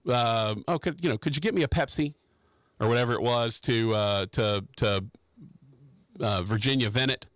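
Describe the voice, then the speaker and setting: A man's voice: medium pitch, fairly bright tone, no echo. A man hosting a radio talk show from the studio, riffing on a topic in a rambling, joking, opinionated way with plenty of restarts. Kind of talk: casual opinionated radio chat.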